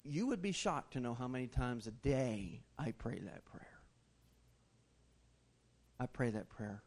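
Speaking at a medium pitch and measured pace, a pastor delivers an animated sermon that lurches from sudden loud, passionate rises to soft asides. He often asks the congregation questions directly.

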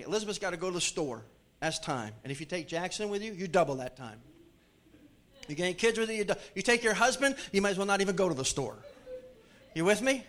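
A man preaching a sermon to his congregation in a church, joking with the crowd and swinging from loud calls to hushed pleading. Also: high voice. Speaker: pastor. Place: church sanctuary.

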